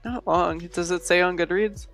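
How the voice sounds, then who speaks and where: A playful, teasing podcast co-host in casual chat, reading passages aloud for laughs. The voice has a gravelly, creaky edge at a middle pitch. Faint music plays behind. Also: steady tone, moderate pace, fairly bright tone.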